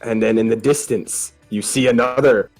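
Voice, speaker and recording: A man runs a tabletop game, describing ships, islands and monsters for his players. His voice sits in an ordinary middle pitch, and he keeps breaking into small laughs as he narrates. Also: steady tone, normal speed, a little mellow, faint music behind. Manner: chuckles often while describing scenes. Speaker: game master.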